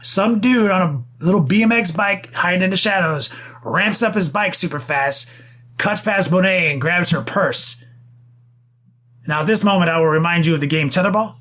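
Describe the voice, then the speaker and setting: A young man chats on a podcast, rattling off a swear-laden story. His voice sits a touch high for a man. He talks in fast, excited bursts. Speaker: podcast co-host. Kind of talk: casual podcast banter.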